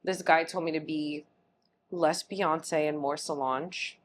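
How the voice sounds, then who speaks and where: A woman with a somewhat low voice chats as a guest in an interview. She tells lively, animated stories and acts out the men in them, laughing often. A faint hiss sits under the recording. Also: slow. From Phoenix, Arizona. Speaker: guest artist. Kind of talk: casual interview chat.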